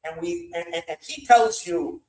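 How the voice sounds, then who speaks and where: A man's voice: high voice, normal speed, a little mellow, reverberant, recorded from a distance, lightly acted, rough recording. A man voicing a wealthy, hot-tempered father-in-law in a spoken story, pressing and bargaining emphatically. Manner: pleading then bullying, emphatic.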